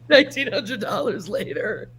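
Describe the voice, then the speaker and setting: A middle-aged woman hosting a casual livestream chat. She tells folksy stories and reads viewer comments aloud. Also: fairly high pitch. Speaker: livestream host.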